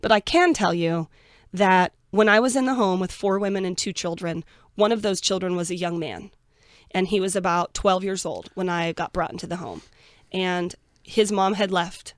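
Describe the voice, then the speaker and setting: A woman's voice: fairly low pitch, normal speed, dry recording, studio quality. A woman guest in an interview, telling her own story in a blunt, frank way and acting out the people she quotes. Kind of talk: candid interview talk.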